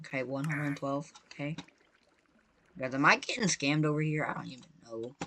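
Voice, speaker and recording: An excitable gaming creator giving live gameplay commentary, chatty and repetitive, constantly talking to viewers and bursting into shrieks when startled. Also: mid-range voice, normal speed. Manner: repetitive, chatty, playful slang.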